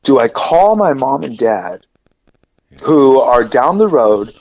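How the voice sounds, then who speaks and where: A man telling a personal story as a podcast guest, rambling and animated, with lots of fillers and repeated words. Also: mid-range voice, slow pace, muffled recording. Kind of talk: casual storytelling.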